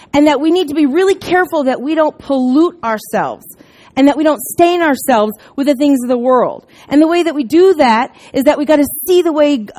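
High-voiced woman preaching with lively storytelling. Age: middle-aged. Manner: lively, chatty, self-deprecating, with loud bursts. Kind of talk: casual sermon with storytelling.

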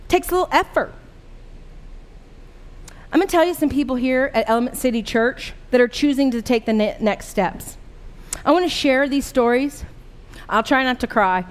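A middle-aged woman pastor giving a sermon in an earnest, conversational way, full of rhetorical questions. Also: high-pitched.

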